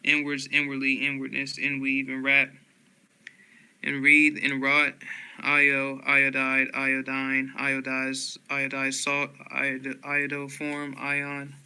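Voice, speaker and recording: A man reading dictionary entries aloud one word at a time, in a flat listing manner with occasional stumbles and restarts. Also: mid-range voice, slow, smooth.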